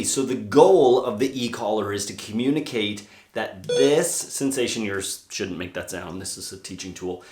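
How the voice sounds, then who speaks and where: Young male trainer, casual hands-on teacher, mid-pitched, echoey room sound. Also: a little mellow. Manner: brisk, hands-on explaining with demonstrations. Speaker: dog trainer. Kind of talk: casual instructional talk. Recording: roomy echo.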